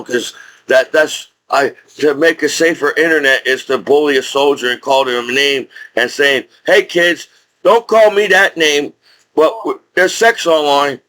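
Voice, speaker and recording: A man with a speech impediment vents to camera in a profane, rambling rant, stumbling and restarting his sentences. His voice sits a little higher than most men's. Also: fairly bright tone, low-quality recording. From United States. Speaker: vlogger, disabled combat veteran.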